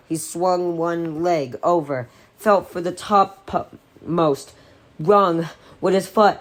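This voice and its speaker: A woman reads a novel aloud in a low-pitched voice. Her delivery is unpolished, with small slips she stops to correct. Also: takes it slowly. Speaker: audiobook reader.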